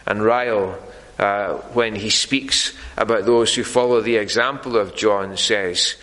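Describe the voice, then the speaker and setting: A man preaching a sermon in a church, earnest and deliberate, pausing often on fillers. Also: on the low side, steady tone, fairly bright tone, big-room sound, rough recording.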